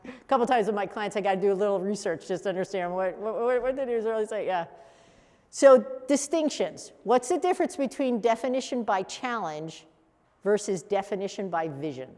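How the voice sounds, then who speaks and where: A woman teaching a coaching workshop, lively and laughing, repeating answers back to the room. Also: medium pitch, brisk, long reverb tail. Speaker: coach trainer.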